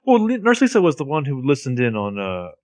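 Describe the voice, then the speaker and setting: A man's voice: medium pitch, wildly swooping pitch, fast, no echo. A man co-hosting a podcast, narrating TV scenes in casual, swearing chat. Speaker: podcast co-host.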